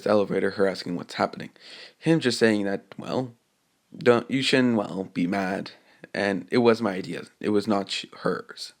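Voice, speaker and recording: A man improvising a fan-fiction story, hesitant and rambling, full of fillers and restarts, reading the characters' lines in his plain voice. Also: on the low side.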